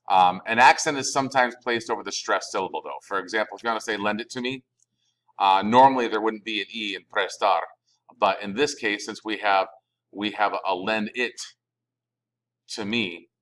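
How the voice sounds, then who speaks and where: A man's voice: lowish voice, fairly bright tone, poor audio. A male Spanish teacher giving a recorded class lecture, explaining informally with fillers and self-corrections.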